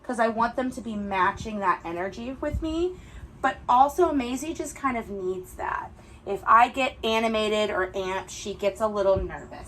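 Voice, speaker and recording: A young woman dog trainer, explaining her session in a calm, soft-spoken way between gentle praise for the dogs. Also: mid-range voice, a little hiss or hum, rough recording.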